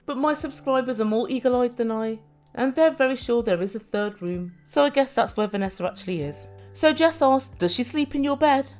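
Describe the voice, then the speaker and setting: Woman with a slightly high voice, a chatty and sarcastic reality TV reviewer doing a casual recap. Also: a little mellow. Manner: chatty and sarcastic, voicing quotes.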